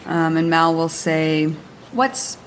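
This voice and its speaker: A woman's voice: on the low side, a little slow, a little hiss or hum. A woman playing a tabletop role-playing game, direct and questioning. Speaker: player. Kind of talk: casual tabletop play.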